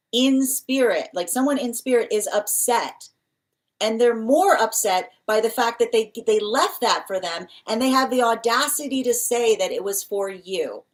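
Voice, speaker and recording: Female tarot reader, live reading; rambling, repetitive delivery, acts out the spirit messages she relays. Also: mid-range voice. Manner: rambling, repeats phrases, voices spirit messages.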